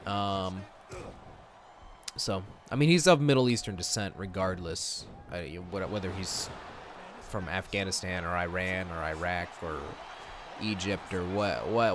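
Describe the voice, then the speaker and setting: A man's voice: deep voice, moderate pace, noisy background. A young man from Michigan casually commentating a wrestling video game, rambling and slipping into goofy voices. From Michigan, USA. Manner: rambling, self-interrupting, slips into goofy voices.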